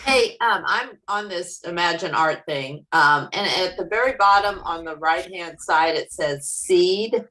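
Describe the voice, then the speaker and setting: A woman's voice: fairly low pitch, unhurried, hardly any pauses, pushed and bright, a little hiss or hum, rough recording. A woman on a workshop call, hesitantly asking a question with ums. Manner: hesitant, with fillers. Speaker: workshop participant.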